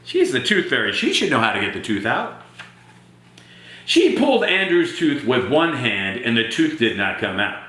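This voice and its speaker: Male storytime reader, lively and questioning with kids, very echoey room. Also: mid-range voice, normal speed. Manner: animated, asks questions of young listeners. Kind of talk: children's read-aloud.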